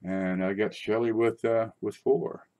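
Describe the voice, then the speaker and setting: Rambling, low-voiced male coin show host. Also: unhurried. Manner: rambling and chatty, with sudden excited outbursts. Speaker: coin collecting channel host. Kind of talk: casual livestream chat. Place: at his desk.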